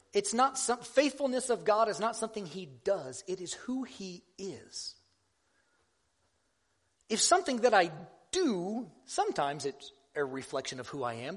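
A man delivers a sermon in a high, light voice. He talks like he's chatting with friends, pokes fun at himself, and often stops to restart a thought. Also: fairly bright tone, breathy edge. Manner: conversational, self-deprecating, halting restarts. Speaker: preacher.

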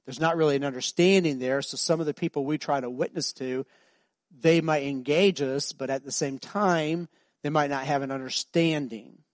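Male pastor, sermon; fairly high voice, dry sound, storytelling that swells to loud emphasis. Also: fairly even intonation, moderate pace, no room sound.

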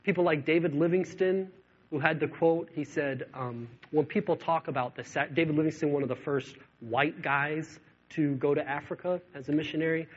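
A man's voice: a little high, normal speed. A man preaching a sermon, telling stories with lots of ums and acting out the dialogue. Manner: animated storytelling with acted-out dialogue, many fillers. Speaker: pastor. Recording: dull lo-fi sound.

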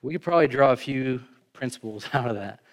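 Guy preaching a sermon, chatty and emphatic, voice jumps up on the big points then drops back down, mid pitch. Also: a little fast. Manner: emphatic, rising for stresses, then dropping low; conversational, joking asides to the congregation. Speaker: pastor.

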